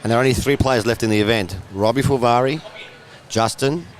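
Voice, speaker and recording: A man's voice: mid-range voice, fairly quick. A man commentating live on a pool match, chatty and explaining the play to viewers.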